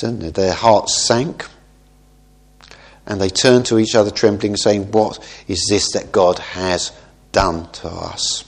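A male preacher explains a scripture passage in a relaxed, conversational manner, checking in with his listeners through frequent rhetorical tag questions. His voice sits at a middling pitch, and his talk is thoughtful and unhurried, with small restarts as he thinks aloud. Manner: thoughtful with small self-corrections. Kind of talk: expository Bible teaching.

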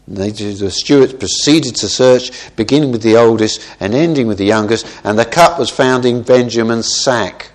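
With a medium-pitched, expressive voice, he preaches briskly and barely pauses while teaching from a Bible passage. It's conversational and thoughtful expository teaching, peppered with "isn't it?" and the odd correction made mid-word.

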